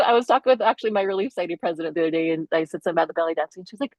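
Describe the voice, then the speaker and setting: A chatty middle-aged woman talks through her own podcast in a low voice, recorded dry and close over a video call. She laughs often and leaps up in pitch whenever she acts out someone else. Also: racing, few pauses, darkish tone, no room sound. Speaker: podcast host. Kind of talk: casual solo podcast monologue.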